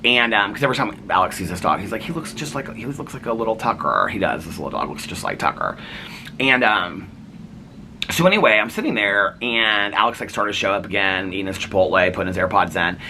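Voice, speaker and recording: A man's voice: on the low side, animated, brisk, sharp tone, slight background noise. A man vlogger telling a long casual story, rambling with many fillers and acting out what others said. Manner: rambling, lots of "like", quotes others in raised voice.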